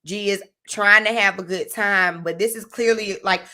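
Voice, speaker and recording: A woman's voice: medium pitch, steady tone, moderate pace, sharp tone. A young woman casually recapping a reality TV episode, talking straight to her viewers in a chatty, opinionated way. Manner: chatty, addresses viewers directly, frequent "like" and "you know what I'm saying".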